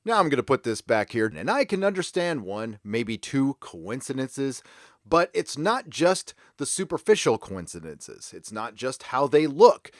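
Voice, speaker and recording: A man's voice: mid-range voice, big pitch swings, unhurried, no echo, clean studio sound. A man hosting a commentary vlog who talks emphatically and drops sarcastic asides. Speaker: commentary channel host.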